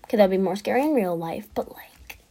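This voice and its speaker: Brief: woman podcaster, gameplay commentary, animated mid-pitch voice, excitable, slips into whispers. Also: brisk. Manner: chatty, excitable, drops into whispers. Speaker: gaming podcaster.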